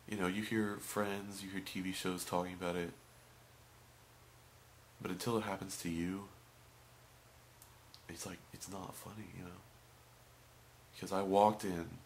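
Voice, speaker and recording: A young man telling stories about a fast food job in a casual vlog. He swings between loud outbursts and muttered asides. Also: sits low, slight background noise. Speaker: vlogger.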